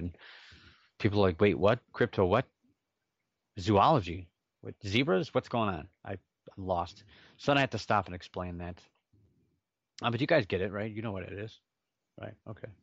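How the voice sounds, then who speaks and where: Male podcast host, lowish voice, chatty and self-deprecating, dry dull home recording. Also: no echo. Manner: rambling, self-mocking asides. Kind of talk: casual solo podcast chat.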